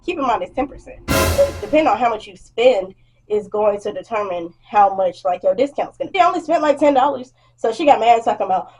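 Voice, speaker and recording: A young woman vlogger telling a blunt, animated storytime rant about work, acting out what customers said and swearing freely. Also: a little high, brisk, breathy edge, poor audio.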